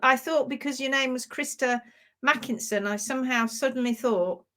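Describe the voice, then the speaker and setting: Woman hosting a live stream, high bright voice, chatty and laughy, says hi to everyone by name. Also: moderate pace. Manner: chatty, laughs often, greets viewers by name. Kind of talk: casual live-stream chat.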